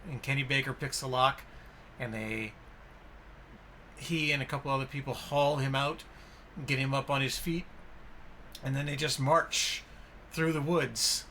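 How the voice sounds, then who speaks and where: A man hosts a casual film podcast, his voice bright and forward. He retells scenes with animated enthusiasm, acting out bits of dialogue. Faint hiss sits under the recording. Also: mid-range voice, moderate pace, long pauses. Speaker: podcast host.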